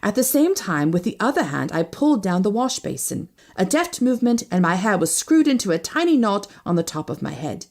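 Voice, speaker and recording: Woman narrating an audiobook, animated voice, lots of ups and downs. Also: fairly quick, few pauses. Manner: expressive, shifting pitch with each character. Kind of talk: first-person audiobook reading.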